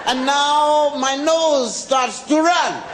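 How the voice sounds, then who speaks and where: An American comedian in his forties spins a stretched-out story on stage and shouts his punchlines. His voice sits unusually high, and he takes his time with every phrase. Loud laughter and room noise from the crowd fill the recording. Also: slow pace, rough recording. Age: 40s. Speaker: stand-up comedian. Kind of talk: stand-up storytelling. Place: comedy stage before a live audience. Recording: live stand-up with loud audience laughter and noise.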